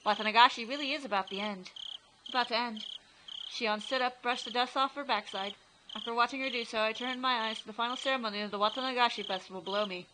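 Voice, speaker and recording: A woman narrating a horror visual novel aloud in an expressive, steady reading style. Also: fairly high pitch, fast talker, noisy background.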